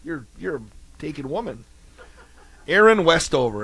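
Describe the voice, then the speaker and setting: A man's voice: mid-range voice, expressive, normal speed, dry recording. A man hosting a local morning radio show, chatting and joking casually with his co-host.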